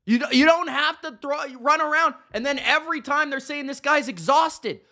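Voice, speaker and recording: A man's voice: very high-pitched, normal speed, sharp tone. A man hosting a podcast, ranting about football in an exasperated, sarcastic, slangy way. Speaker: podcast host. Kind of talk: ranting sports commentary.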